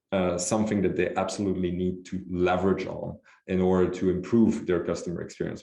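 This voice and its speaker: A man, a company executive, answering interview questions in a measured way with frequent fillers and restarts. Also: low voice, warm tone, roomy sound. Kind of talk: business interview.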